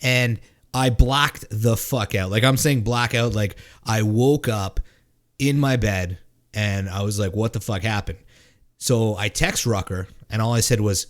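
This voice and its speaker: A man co-hosting a casual drinking podcast, rambling and swearing, with lots of fillers and restarts. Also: fairly low pitch. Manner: rambling, profane, halting with fillers. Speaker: podcast co-host. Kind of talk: casual drinking-show chat.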